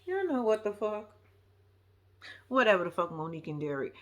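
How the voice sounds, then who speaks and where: 一位女性以随意、直率又满口粗话的方式点评真人秀剧情。. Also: female voice, medium pitch, big pitch swings, moderate pace. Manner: blunt, profane, sassy running commentary. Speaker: show recap commentator. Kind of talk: casual reality-show recap.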